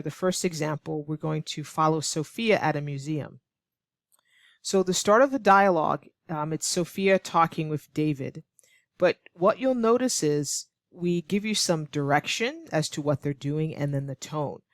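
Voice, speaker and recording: An ESL teacher explains English online with clarity and patience, occasionally acting out example lines to demonstrate tone. Her voice is low-pitched, and the recording is clean studio sound with no room noise.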